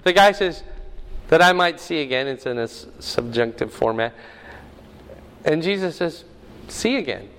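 A man's voice: fairly high pitch, expressive, moderate pace, pauses often, a bit bright, clear, resonant tone, big-room sound. A man preaching a sermon, teaching the meaning of Greek words with rising emphasis. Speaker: pastor.

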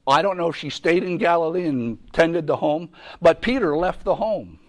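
A man's voice: a little high, expressive, moderate pace. A man teaching a Bible lesson in a conversational way, often repeating himself and restarting sentences. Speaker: preacher.

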